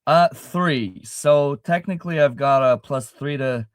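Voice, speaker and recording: A man rambling through his character's excuses at a tabletop game, stumbling and restarting as he talks. His voice sits at an ordinary pitch. The sound is close and dry, with no room around it. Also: a little slow, smooth, no echo. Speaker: player.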